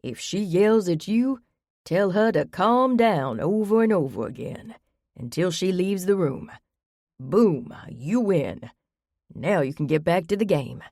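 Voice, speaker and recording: A smug man drawls in a deep Southern voice, done by a woman reading aloud. He talks loudly and swaggers through every line. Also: lively intonation, unhurried, no room sound, clean studio sound.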